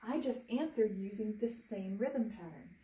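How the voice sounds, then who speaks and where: A woman's voice: mid-range voice, lively intonation, normal speed, dark tone, echoey room, recorded from a distance. A woman teaching a piano lesson to students at home, patient and encouraging, walking through each step and chanting rhythm syllables. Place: room with a piano. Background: piano playing.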